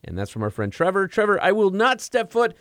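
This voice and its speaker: A man's voice: sits high, very animated, fairly quick, a bit bright, no echo, clean studio sound. A man co-hosting a casual car podcast, reading listener letters aloud with emphasis. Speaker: podcast co-host.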